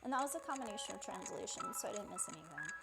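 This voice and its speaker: A woman's voice: medium pitch, animated, very fast, over loud music. A woman casually translating and retelling a game scene in a chatty, loose way.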